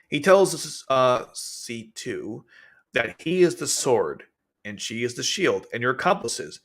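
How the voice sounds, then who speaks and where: Man giving casual anime commentary. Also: mid-range voice. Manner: animated, acts out characters' lines in quick bits. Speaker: anime analysis streamer.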